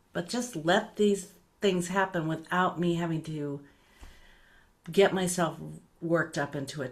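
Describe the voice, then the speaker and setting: Gentle, low-voiced meditation teacher, a woman. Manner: gentle, unhurried, with soft repetitions and trailing quiet phrases.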